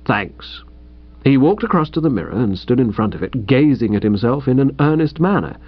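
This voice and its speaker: A man's voice: mid-range voice, lively intonation, fairly quick. A man reading a comic first-person story in a breezy, chatty way. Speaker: audiobook reader. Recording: dull dry recording.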